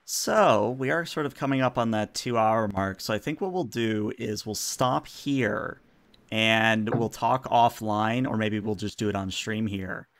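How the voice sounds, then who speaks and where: A man's voice: fairly low pitch, unhurried, a bit bright. A man running a tabletop game stream as game master, talking casually and rambling with lots of ums.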